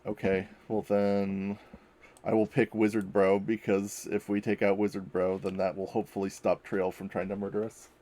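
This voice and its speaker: Man tabletop player, low-ish voice, casual, muses aloud and hedges. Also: level tone, moderate pace. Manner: thinks out loud, hesitant restarts. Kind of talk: casual tabletop game chat.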